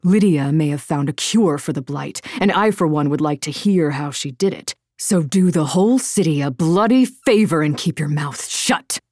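A woman narrator voicing a stern, commanding noblewoman warrior in a lower, gruff, ominous voice. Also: expressive, normal speed, hardly any pauses, a little mellow, dry recording, studio quality.

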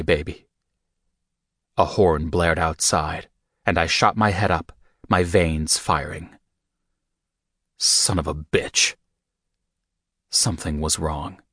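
A man giving a measured, steady first-person audiobook narration. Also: sits low, no room sound, studio quality.

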